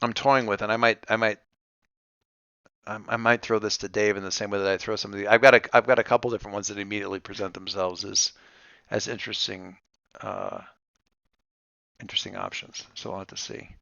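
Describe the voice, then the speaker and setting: A man runs a tabletop game in a bright, crisp voice. He thinks out loud and stops and restarts often. The sound is dry and close. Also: on the low side, level tone, dry recording, dull audio. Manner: halting, with many restarts and fillers. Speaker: game master.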